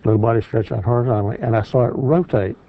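An older man, a grandfather, giving a measured, factual eyewitness account as a TV guest. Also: mid-range voice. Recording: tinny phone-like sound with faint noise.

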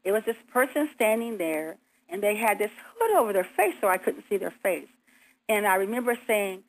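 A woman telling her story in an earnest, vivid way, voice at an ordinary middle pitch. She acts out her own pleas as she goes. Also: expressive, brisk, rough recording. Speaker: guest. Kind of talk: recounting a near-death experience.

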